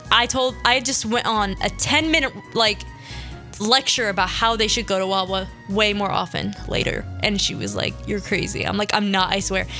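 A woman's voice: fairly high pitch, bright, forceful tone. A young woman hosting a radio show, chatting casually and emphatically, wandering off on tangents. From United States. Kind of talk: casual solo chat.

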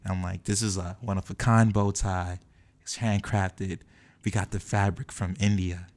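A young man animatedly telling a personal story, acting out the quoted lines of the people in it. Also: sits low. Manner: acts out quoted dialogue, quick and lively. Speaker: guest telling his story.

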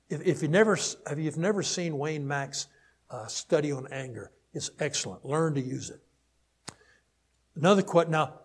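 A male preacher with a slightly high, husky voice and a very lively pitch. He teaches in an animated way, climbing to emphatic declarations and then dropping to soft, near-whispered asides. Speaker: pastor. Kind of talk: sermon teaching ending in prayer.

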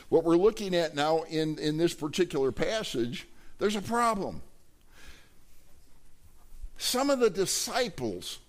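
Male pastor, high voice, emphatic sermon delivery, questions the congregation. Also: darkish tone. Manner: emphatic, rising to high pitch for quoted voices; addresses the congregation directly, asking questions.

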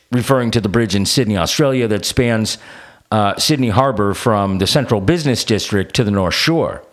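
A man's voice: fairly low pitch, lively intonation, a little fast. A man hosting a podcast, delivering a combative, sarcastic rant with plenty of swearing. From United States. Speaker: podcast host. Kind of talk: ranting podcast monologue.

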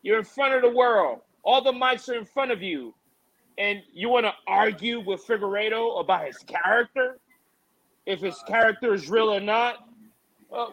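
High, bright-voiced man ranting animatedly. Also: moderate pace, rough recording. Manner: animated, mocking, exasperated ranting. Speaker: MMA show co-host. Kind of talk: ranting fight preview chat.

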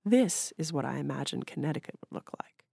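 Soft-spoken, admiring young wife, read by a woman, low gravelly murmur. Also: expressive, a little fast, no echo, studio quality, exaggerated voice.

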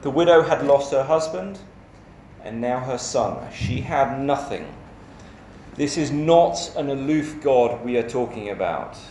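A man's voice: mid-range voice, animated, mellow, a little hiss or hum. Male preacher, emphatic sermon delivery, echoey hall with faint ambience. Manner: measured, emphatic delivery with rhetorical questions.

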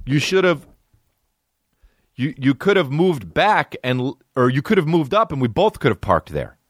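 A man putting on the voice of a rushed, pushy male delivery driver in a high nagging tone. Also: big pitch swings, slightly rough, no echo, studio quality, heavily acted. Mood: whiny.

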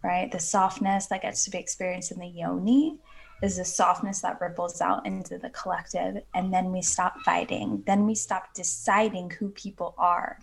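A woman's voice: fairly low pitch, level tone, moderate pace, gravelly. A woman talking earnestly and at length as a guest on a podcast, with many fillers. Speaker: podcast guest, women's coach. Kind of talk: casual podcast chat.

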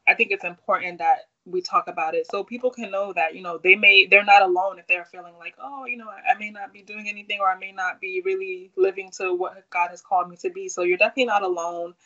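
A woman hosts a faith podcast, affirming her guest and summing up what was said. Her voice is bright and clear-edged, in a dull, lo-fi recording. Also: medium pitch, steady tone, fast talker, hardly any pauses. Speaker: podcast host. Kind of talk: faith-based podcast chat.

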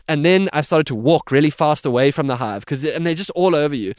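A man's voice: on the high side, lively intonation, fairly quick, hardly any pauses, no room sound, studio quality. A man telling a vivid, dramatic story as a podcast guest. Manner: vivid, dramatic retelling with voiced sounds. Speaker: podcast guest, safari guide. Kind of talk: animated storytelling.

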